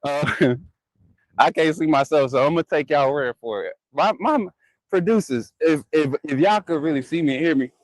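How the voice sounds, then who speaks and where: A man's voice: on the high side, moderate pace, no room sound, low-quality recording. A man hosting a live sports talk stream, chatty and laughing often as he talks straight to his viewers. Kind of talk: casual live-stream chat.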